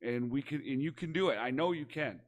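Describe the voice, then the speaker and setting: A man with a Midwestern American accent judging wrestling promos, encouraging and rambling, sometimes getting loud. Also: medium pitch, expressive, fairly quick. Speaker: promo competition judge. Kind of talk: candid spoken critique.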